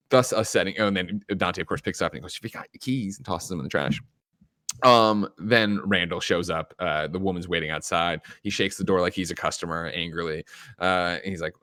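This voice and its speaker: A man's voice: deep voice, steady tone, brisk, pushed and bright, no room sound. A man hosting a casual podcast, animatedly retelling a film's scenes with frequent laughs and swearing. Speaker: podcast host. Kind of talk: casual film review chat.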